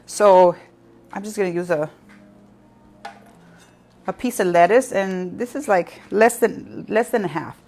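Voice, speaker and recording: A woman's voice: mid-range voice, a little slow, long pauses. A middle-aged woman hosting a casual live cooking class from her kitchen, telling stories with laughs and talking straight to her viewers. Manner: chatty, warm storytelling with laughs and asides to viewers. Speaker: cooking show host. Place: home kitchen.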